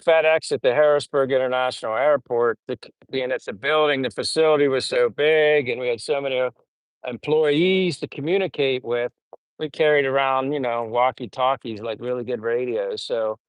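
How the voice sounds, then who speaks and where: Relaxed, rambling American livestream host. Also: male voice, mid-range voice, moderate pace, clear, resonant tone, no room sound. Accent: General American. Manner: relaxed, rambling, many fillers. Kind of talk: casual livestream chat, reading comments.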